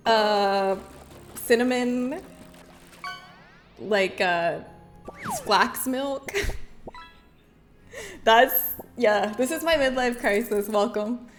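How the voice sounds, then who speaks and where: A woman streamer chatting casually with her live chat, bubbly and quick to laugh. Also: sits high.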